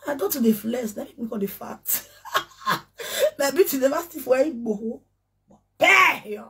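A woman from Nigeria with a Nigerian Pidgin accent, ranting excitedly on a casual livestream and breaking into chanted syllables and laughter. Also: high voice, measured pace, breathy edge. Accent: Nigerian Pidgin English. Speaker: social media personality.

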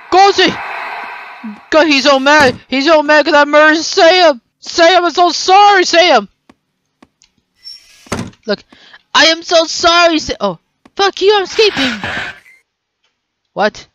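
A gameplay commentator who swings between loud, sweary yelling at the game and low muttering to themself. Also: highs cut off, noisy background. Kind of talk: let's play commentary.

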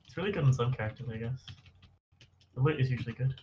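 A man's voice: mid-range voice, fast, a little mellow. A young man chatting casually while gaming, teasing with dry quips. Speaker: gaming guest. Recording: dull lo-fi mic with faint hiss.

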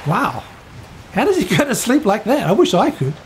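A man voicing an amazed young male disciple in a storybook tale, his pitch raised. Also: wildly swooping pitch, moderate pace, slight background noise, heavily acted.

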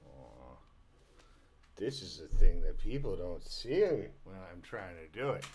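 Low-voiced man cooing to his cat. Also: very animated, measured pace, darkish tone, slight background noise. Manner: cooing baby talk to a pet cat. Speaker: vlogger. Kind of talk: casual talk to himself and his cat. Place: at home indoors. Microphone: desk microphone he is testing.

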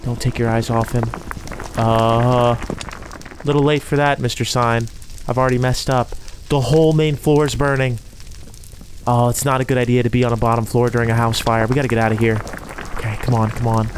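A man's voice: mid-range voice, steady tone, a little fast, long pauses, slight background noise. A man giving live gameplay commentary, jittery and talking himself through each scare. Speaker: gaming YouTuber.

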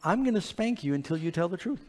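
A man's voice: high-pitched, expressive, fast, darkish tone. A man voicing a stern father firmly questioning his young son, in a reverberant hall. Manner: firm, questioning.

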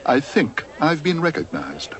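A man's voice: on the high side, wildly swooping pitch, measured pace, pitched above the performer's own voice. A man voicing a small, polite but stubborn young bear in a cartoon storybook, earnest and indignant.

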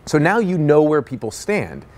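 A man's voice: a little high, normal speed. A man giving a motivational sales lesson as a business coach, telling stories and acting out the people in them. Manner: energetic, storytelling, acts out quoted voices.

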